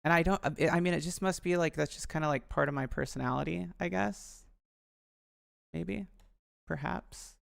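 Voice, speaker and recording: A man's voice: on the high side, fairly even intonation, fast, creaky, hardly any pauses, dry recording, studio quality. A young man rambling on a live stream, talking to his viewers and poking fun at himself. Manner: chatty, self-deprecating, addresses viewers.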